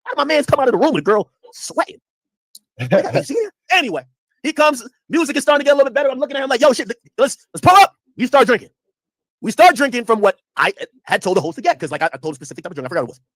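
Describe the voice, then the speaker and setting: A man with a very high voice streams casual commentary in rapid-fire bursts, recorded in studio quality with no echo. He tells a loose, profane story and animatedly acts out the people in it.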